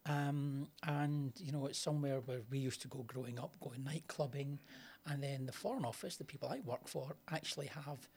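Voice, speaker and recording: A Scottish man with a strong accent and a slightly husky voice talks in a relaxed, rambling way. He introduces songs for a casual music chat, drifting into asides as he explains. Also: medium pitch, moderate pace. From Scotland. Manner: chatty, explains at length with asides. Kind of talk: casual radio-style chat.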